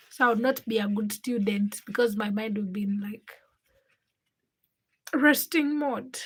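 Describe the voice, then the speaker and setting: A woman's voice: fairly high pitch, animated, a little slow, a bit bright, a little hiss or hum. A young woman hosting a casual livestream, chatting with viewers and reading their comments aloud while she cooks. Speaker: livestream host.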